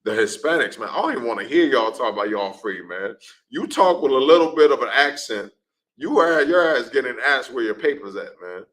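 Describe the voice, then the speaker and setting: A man's voice: mid-range voice, animated, a little fast, a bit bright, poor audio. A man preaching in a street-talk class, emphatic and repetitive, often ending lines with "man". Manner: emphatic, repeats "man", acts out scenes. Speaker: class speaker.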